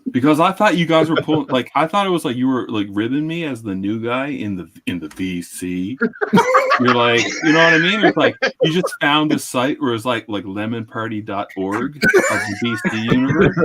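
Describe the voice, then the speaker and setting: A man hosting a livestream, talking in a loud, rambling, jokey way with lots of swearing. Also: medium pitch, expressive, normal speed, very noisy. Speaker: livestream host. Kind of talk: casual profane chat.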